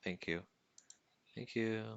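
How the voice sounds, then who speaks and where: A man's voice: fairly low pitch, slow, dull audio, slight background noise. A man streaming as a game developer, chatting casually and teasing his dog at home.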